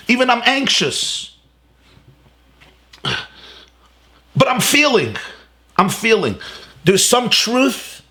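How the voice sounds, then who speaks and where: A man rabbi giving a Torah lecture, emphatic and animated, asking rhetorical questions and repeating key words, mixing Hebrew and Yiddish terms into his English. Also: high-pitched. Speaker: rabbi teaching a class.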